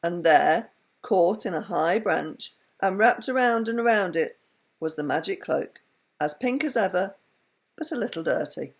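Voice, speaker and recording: A woman reads a children's story aloud in a lilting, expressive way. Her pitch moves up and down freely, and her voice carries a gravelly fry and a husky breathiness. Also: measured pace.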